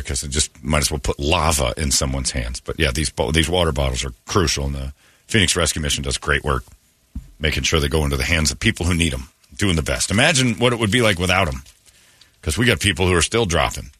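Low-voiced, bright radio host. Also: male voice, fast, breathy edge, no room sound. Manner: joking storyteller, animated retelling. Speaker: radio morning show host. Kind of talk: casual radio banter. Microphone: studio microphone.

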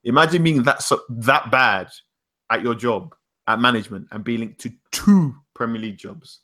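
A man's voice: mid-range voice, expressive, normal speed, bright, forceful tone. A man co-hosting a casual football podcast, opinionated and chatty. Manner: opinionated, names hero and villain of the week. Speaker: podcast co-host.

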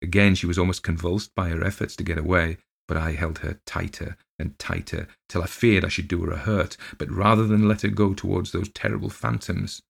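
A man narrating a ghost story as an audiobook reading, in a measured, steady storytelling manner with dramatic swells. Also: low voice, creaky, breathy edge.

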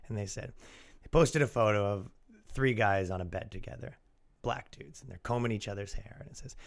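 A young man with a Canadian accent hosting a solo comedy podcast, ranting sarcastically, swearing and mock-quoting the other side. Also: medium pitch. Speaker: podcast host.

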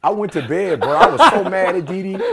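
A man with a fairly high voice tells stories in casual chat. He is animated and often laughs. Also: a little fast, vocal fry, over a noisy crowd. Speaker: podcast host.

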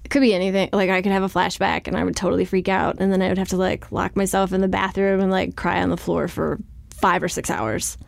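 Woman guest on an interview, gravelly fry in her voice, dry close sound, chatty, wry, lots of "like". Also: on the low side, little pitch movement, fast, no room sound. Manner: chatty, heavy use of "like", wry and self-deprecating. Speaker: author and guest. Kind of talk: candid conversational interview.

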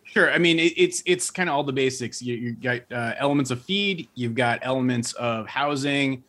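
Mid-pitched male farmer, careful explainer who restarts often. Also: moderate pace, bright, forceful tone. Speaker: guest farmer. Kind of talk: interview answers.

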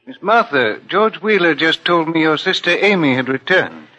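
An actor playing a calm, persistent detective asking measured questions in a 1950s radio drama. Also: male voice, on the high side, full character voice. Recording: lo-fi old radio broadcast.

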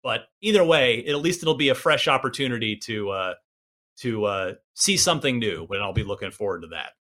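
A man's voice: mid-range voice, lively intonation, brisk, a bit bright. A man in his forties hosting a casual gaming podcast, rambling and self-deprecating with many restarts. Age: 40s. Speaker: podcast host.

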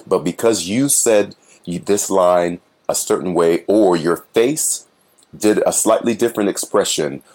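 A man's voice: low-pitched, measured pace, a little mellow. A man, a stage actor, talking earnestly and reflectively about his work in a casual interview. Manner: earnest, reflective, acts out little voices when telling stories. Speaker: Broadway actor guest.

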